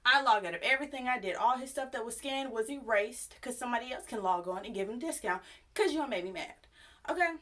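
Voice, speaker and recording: A young woman telling a personal story to her viewers in a chatty, animated, sassy way. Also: fairly high pitch, quick pace. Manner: chatty, animated, sassy retelling with acted quotes. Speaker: YouTube storyteller. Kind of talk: casual storytime vlog.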